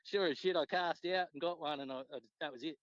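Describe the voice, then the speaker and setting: A man with an Australian accent, a podcast guest telling fishing stories in a relaxed, swearing, casual way. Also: fast talker, no echo. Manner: laid-back, swears freely, acts out quotes with pitch jumps. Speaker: podcast guest, tournament angler. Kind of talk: casual storytelling chat. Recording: dull lo-fi dry sound.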